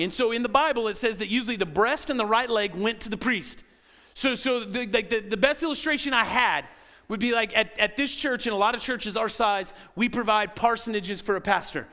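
A man preaches from the front of a church in an animated, conversational way. His voice sits very high for a man and rings bright and forceful. He slips into quick acted voices to bring the story to life. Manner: animated, acts out quoted voices. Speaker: pastor. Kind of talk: sermon. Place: church sanctuary.

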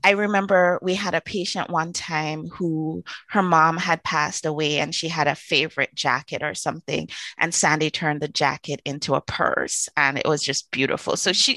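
Chatty animated woman, dry sound. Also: no echo. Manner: animated, swings into high excited quoted voices; chatty, with fillers and asides. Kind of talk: casual storytelling to camera.

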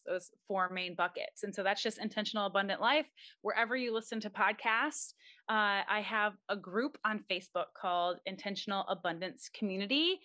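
A woman's voice: medium pitch, pushed and bright, dry recording, clean studio sound. A young woman, a mom, giving earnest and encouraging faith-based advice as a podcast guest. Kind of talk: casual interview talk.

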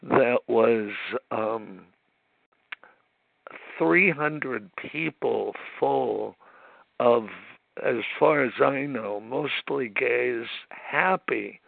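A man nervously sharing his recovery story at a meeting, halting and emotional with many restarts and pauses, heard over a phone line. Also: medium pitch, vocal fry, no echo. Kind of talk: personal recovery share.

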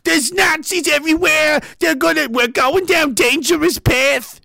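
A man voicing a hysterical male alarmist, shouting shrilly in mock panic. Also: very high-pitched, unhurried, creaky, no room sound, studio quality, pitched above the performer's own voice, heavily acted. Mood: panicked.

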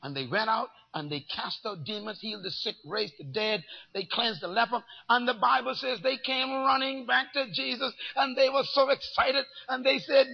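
A man preaching a sermon with dramatic swings from shouts to near-whispers and many rhetorical questions. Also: extremely high pitch, normal speed, vocal fry, hardly any pauses, slightly rough. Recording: dull lo-fi recording.

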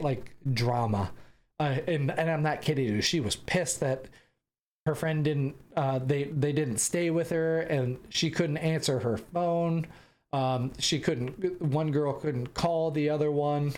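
A man's voice: on the high side, unhurried, a little mellow. A young American man hosting a podcast, telling a travel story casually with rambling restarts and bursts of laughter. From United States. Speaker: podcast host.

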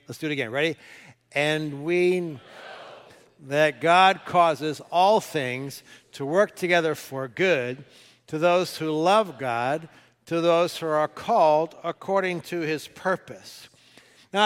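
A man's voice: a little high, a bit bright, clear, resonant tone. A male pastor preaching a sermon, talking casually and coaxing the congregation to read scripture aloud with him. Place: church sanctuary. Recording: long hall reverb.

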